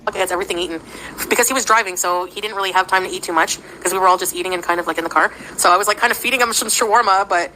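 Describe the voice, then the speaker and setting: A woman chats on her livestream in a bright, clear voice, wandering through an anecdote with plenty of "like" and "um" and soft giggles. Her pitch sits in an ordinary middle range. Faint room hum sits under her voice. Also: racing, low-quality recording. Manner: meandering, filler-heavy, giggly. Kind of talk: casual rambling storytelling.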